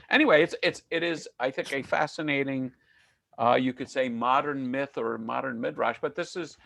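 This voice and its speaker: A man's voice: medium pitch, creaky, fairly bright tone, no echo. A man giving an online lecture on myths, talking in a conversational, digressive way with dry jokes.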